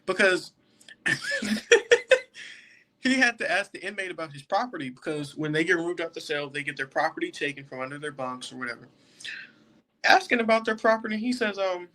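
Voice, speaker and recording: Bright-voiced young man telling a story. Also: fairly high pitch, lively intonation, a little fast, long pauses. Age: young adult. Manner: laughs often while telling the story. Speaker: podcast guest, jail deputy. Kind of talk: casual storytelling.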